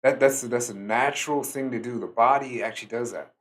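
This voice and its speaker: A tired man giving a slow, reflective solo talk as a spiritual teacher, pausing often with fillers. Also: mid-range voice. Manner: slow, musing, with many fillers.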